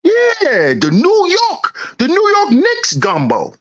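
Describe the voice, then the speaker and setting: A woman's voice: huge pitch swings, lo-fi sound. A woman hosting her own channel, mocking her listeners in a rhetorical rant and repeating her questions in a teasing, sing-song way. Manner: swings in pitch, drawn-out words. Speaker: channel host.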